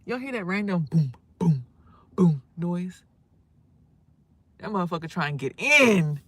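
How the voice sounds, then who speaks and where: A woman with a fairly low voice hosts a casual livestream. She gives spiritual advice in a loud, emphatic and preachy way, swearing freely. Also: lively intonation, a little slow, husky, no room sound. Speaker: livestream host.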